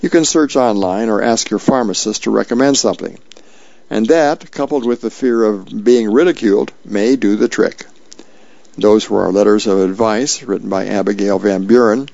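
A man with a low, gravelly voice reads newspaper columns and comic strips aloud at an easy, casual pace. The sound is dry and close, with a dull lo-fi tone. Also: normal speed, a little mellow, dry recording. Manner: casual, with fillers. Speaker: radio reader.

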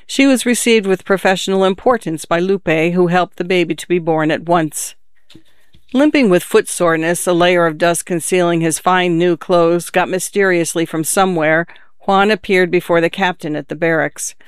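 Smooth, high-voiced male storyteller. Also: moderate pace, no room sound, studio quality. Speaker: audiobook narrator. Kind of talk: scripted narration.

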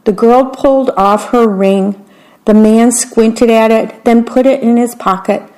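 A woman reading a fairy tale aloud, gentle with wry asides. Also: on the high side, fairly even intonation, measured pace. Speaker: storyteller.

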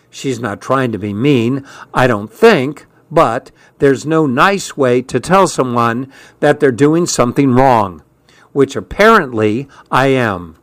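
Male narrator for a first-person novel: measured, slow delivery, dry booth sound. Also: mid-range voice, no room sound. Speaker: audiobook narrator.

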